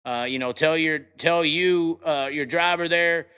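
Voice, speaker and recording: A brash man hosts a live talk show, firing off profane, excitable commentary. His voice is bright and forceful and sits a little high for a man. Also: unhurried, clear, resonant tone. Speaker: podcast host.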